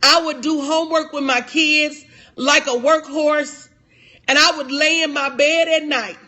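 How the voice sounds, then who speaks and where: A middle-aged woman speaker with a high, bright, forceful voice. She hammers her points home through repetition in a preacher-like rhythm. Her talk is heartfelt and confessional. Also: fairly even intonation, a little slow. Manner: emphatic and repetitive, in a preacher-like cadence. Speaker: motivational speaker and life coach. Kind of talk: motivational speech to an audience.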